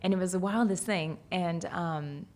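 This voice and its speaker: A woman's voice: lowish voice, normal speed, darkish tone. A woman hosting a podcast, chatting and laughing as she tells stories. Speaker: podcast host. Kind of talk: casual podcast chat.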